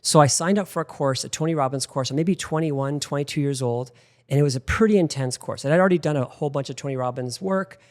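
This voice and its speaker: A middle-aged man hosting a talk show, telling personal stories in a lively, anecdotal way with lots of "like" fillers. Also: fairly high pitch, quick pace. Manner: animated anecdotal storyteller with frequent "like". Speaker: podcast host. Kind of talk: casual interview storytelling.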